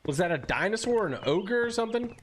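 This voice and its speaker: Excitable young man streaming a game. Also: high-pitched, fast talker. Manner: excitable, yelps and shouts when startled. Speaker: gaming streamer. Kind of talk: live gameplay commentary. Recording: loud game noise behind voice. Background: game sound effects.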